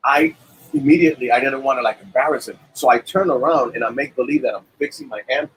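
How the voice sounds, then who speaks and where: Middle-aged man telling lively tour anecdotes, mid-pitched voice, faint cafe noise. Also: fast, poor audio. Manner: animated anecdotes with acted-out quotes. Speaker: musician guest. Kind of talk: casual storytelling interview.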